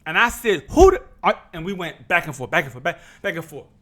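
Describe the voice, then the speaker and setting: Fast and expressive, a middle-aged New Jersey vlogger with a high, bright, forceful voice tells his viewers a personal story as if delivering a sermon. He calls them brothers and sisters, repeats and restarts himself, and performs the words of the people in his tale.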